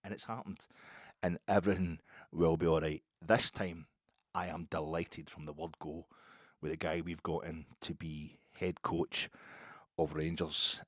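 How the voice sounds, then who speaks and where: Scottish male podcast host, quick and rambling, slightly low, husky, dry close sound. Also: no echo. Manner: rambling, chatty storytelling with many restarts. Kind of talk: casual podcast monologue.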